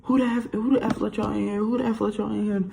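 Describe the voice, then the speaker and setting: A woman's voice: medium pitch, steady tone, fast talker, gravelly, a little hiss or hum, pitched above the performer's own voice. A man doing his furious cursing mom. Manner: shouting profane tirade. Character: fiery furious mother cursing out police.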